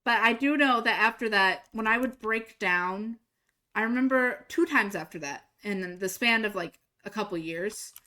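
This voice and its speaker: Young woman, streamer, bright voice, casual storytelling, animated quoted lines. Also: medium pitch, moderate pace. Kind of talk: casual storytelling while gaming.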